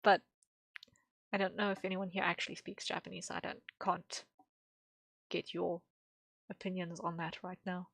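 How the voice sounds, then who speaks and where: A woman's voice: on the low side, level tone, normal speed, vocal fry, pauses often, a bit bright, no echo. Young woman rambling on a drawing stream, lots of ums, dry close mic. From English-speaking. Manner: rambling, thinking aloud with many fillers and laughs. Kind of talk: casual chat while drawing on stream.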